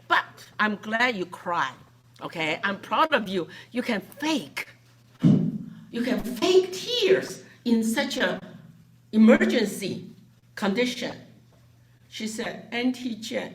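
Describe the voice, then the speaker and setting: A woman's voice: medium pitch, slow pace, pauses often. A woman telling a story to a gathering, acting out the voices of the people she quotes. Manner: animated, acts out quoted voices. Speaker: foundation director.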